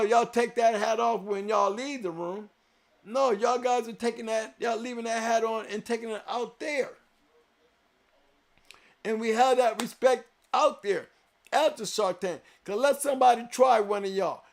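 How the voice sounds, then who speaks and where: A man with a notably high voice holds forth on his live show, hammering his points home and repeating them for weight. He swings from loud, emphatic declarations down to low, quiet reflection. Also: creaky. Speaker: show host. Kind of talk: live-stream chat to viewers.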